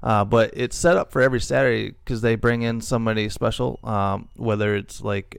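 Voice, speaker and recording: A man with a low, gravelly voice chats loosely as a podcast co-host. He rambles and restarts often, full of fillers. The sound is dry and close. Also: no room sound. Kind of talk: casual chat.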